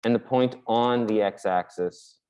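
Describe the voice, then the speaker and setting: A man's voice: medium pitch, slow, darkish tone, smooth, muffled recording. Male math teacher, casual board lecture, plain mid-range voice. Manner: casual, explanatory, with fillers; talks while drawing on a board.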